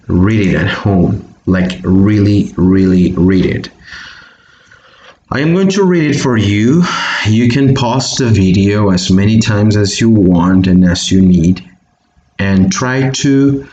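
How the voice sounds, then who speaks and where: A man with a lowish, dark voice and cut-off highs teaches English online in a Bolivian Spanish accent, patiently repeating example sentences for pronunciation. The room is echoey with a faint background hiss.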